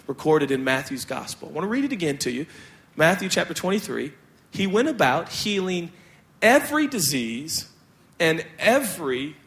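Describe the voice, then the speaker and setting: Bright high-voiced joking male preacher. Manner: animated, joking, self-deprecating preaching; talkative and expressive. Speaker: pastor. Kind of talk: sermon.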